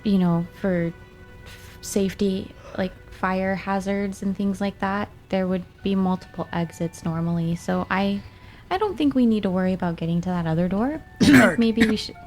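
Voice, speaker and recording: A woman playing a tabletop role-playing game, thinking aloud at an unhurried pace. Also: mid-range voice, a little mellow, faint music behind. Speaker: player. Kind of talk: casual tabletop play.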